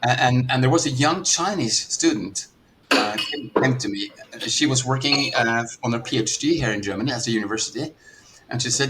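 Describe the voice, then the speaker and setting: A man's voice: mid-range voice, moderate pace, noisy background. A middle-aged man from Norway, a business coach, talking earnestly in a podcast conversation and often repeating words as he starts a thought.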